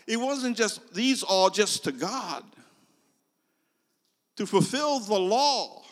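Older male preacher, slow and animated. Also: high-pitched. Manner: slow storytelling, swings from loud emphasis to hushed whispers. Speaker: pastor. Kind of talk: sermon. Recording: long reverb of a large hall.

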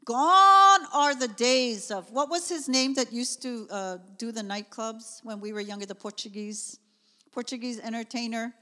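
A middle-aged woman, preaching a sermon in a conversational, animated way with chatty asides. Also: a little high, measured pace. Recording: long reverb of a church hall.

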